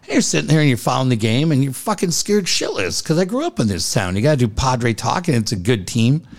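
A man with a medium-pitched voice and a quick pace hosts a casual talk show. He tells a story laced with swearing and acts out the quotes in animated voices.

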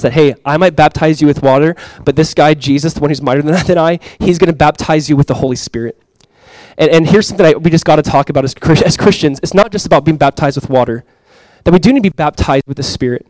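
A man preaching a sermon as pastor, casual and excited, full of restarts and "like"s. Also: a little high, dry recording, rough recording.

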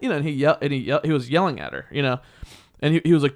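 A young man casually telling a story, animated and heated, laughing often and swearing. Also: medium pitch, fast talker. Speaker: podcast co-host.

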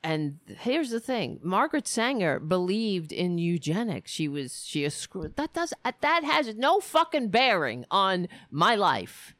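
Profane, slow-talking woman ranting. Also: mid-range voice, no room sound. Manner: profane, animated storytelling with quoted exchanges. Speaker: political show host. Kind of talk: casual ranting commentary.

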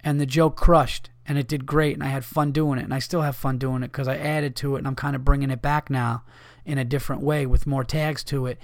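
A man's voice: medium pitch, little pitch movement, brisk, gravelly, hardly any pauses. A man rants on his comedy podcast in a mid-range voice, swearing freely and pushing his points hard. The recording is dry, with no room echo. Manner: profane, heated ranting. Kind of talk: casual podcast monologue.

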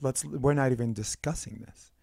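A man's voice: medium pitch, normal speed, creaky, warm tone, no echo, studio quality. A man hosting a podcast, musing and rambling in casual conversation, often checking in with "right?". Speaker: podcast host.

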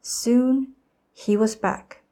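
Teenage girl reading a children's story slowly. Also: on the high side. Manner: careful, expressive storytelling. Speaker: student reader. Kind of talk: children's story read aloud.

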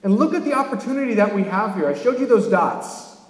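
A high-voiced man from California preaches to his congregation, rising sharply on his key points. His voice rings through a roomy church sanctuary with a long, lingering reverb. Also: brisk. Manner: animated preaching with sudden emphatic rises. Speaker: pastor. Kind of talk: sermon. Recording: echoey church hall.

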